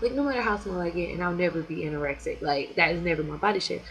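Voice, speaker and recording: A woman's voice: on the low side, racing, low-quality recording. Chatty young woman telling a story. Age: 20s. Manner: chatty and excitable, heavy use of "like" and "you know". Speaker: vlogger. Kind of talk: casual storytelling to camera. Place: her home, indoors.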